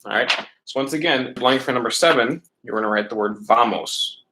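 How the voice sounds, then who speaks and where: A man who teaches middle school Spanish walks students through a worksheet in a remote lesson, explaining patiently step by step and often checking in with "right?" His medium-pitched voice is a little fast, pushed, and bright, and the rough recording carries slight background noise.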